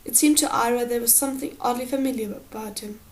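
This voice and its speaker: A woman narrates a fantasy audiobook in a steady, measured way. Her voice sits a little above most women's. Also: on the high side, low-quality recording. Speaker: audiobook reader.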